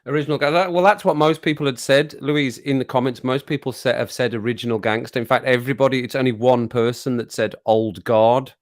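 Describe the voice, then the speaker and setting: A man's voice: medium pitch, fairly even intonation, fairly quick, hardly any pauses, dry recording, studio quality. A man hosting a livestream, chatting casually, reading the chat aloud and laughing often. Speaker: livestream host.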